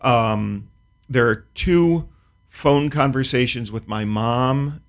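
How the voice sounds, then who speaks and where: A comedian guest with a mid-range voice speaks slowly, telling a comic story in a dry, precise, wry way. He then moves into casual talk-show chat about his work.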